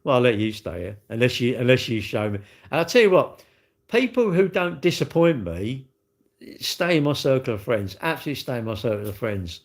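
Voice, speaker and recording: A man talks casually to his live viewers at a middle pitch. He rambles, circles back over the same points and speaks bluntly. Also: big pitch swings, brisk. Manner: rambling, repetitive, blunt, chatty. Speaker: livestream host.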